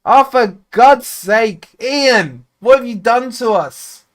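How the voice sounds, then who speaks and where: A man hosting a live football watchalong, talking casually and bluntly to his viewers and swinging between grumbling and loud cheering. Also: very high voice, animated, takes it slowly. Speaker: football fan channel host. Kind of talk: live match watchalong commentary.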